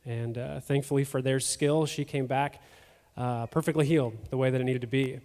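A man sharing a personal testimony at a church service, speaking in a halting, emotional way with fillers and repeated words. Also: mid-range voice, steady tone, a little mellow. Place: church sanctuary. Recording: long hall reverb.

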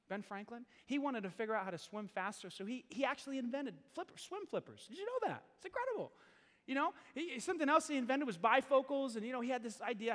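A man's voice: high-pitched, fairly bright tone. A male pastor preaching a sermon, telling self-deprecating stories in a chatty way with laughs. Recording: hall reverb.

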